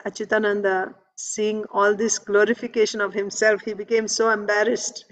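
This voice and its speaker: A woman teaching a scripture class who retells a devotional story in a conversational way, with frequent "right?" asides and soft laughs. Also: medium pitch.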